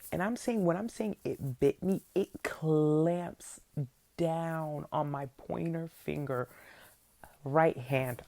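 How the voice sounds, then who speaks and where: A young adult woman, a podcast host, telling a childhood story in a casual, animated way and acting out her younger self. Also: sits low, vocal fry.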